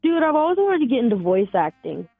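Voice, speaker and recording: A woman's voice: on the high side, very animated, fast, breathy edge, no room sound, faint music behind. A woman in her twenties calling in to a talk show, rambling casually with lots of fillers and the odd swear. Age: 20s. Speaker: caller. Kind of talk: casual phone chat. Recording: tinny phone line.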